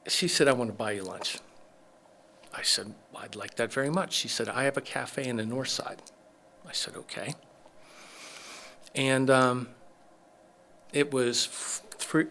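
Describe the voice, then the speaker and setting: A man's voice: medium pitch, gravelly, a bit bright. A middle-aged man, a chiropractor, telling his story as a podcast guest, acting out the dialogue of people he quotes. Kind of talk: casual storytelling interview.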